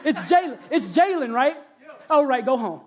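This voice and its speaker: A young man from Texas with a Southern accent, giving an animated spoken-word poem and talk as a college guest speaker, speaking directly to the audience. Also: extremely high pitch, normal speed, background noise. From Galveston, Texas. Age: young adult. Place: college convocation auditorium.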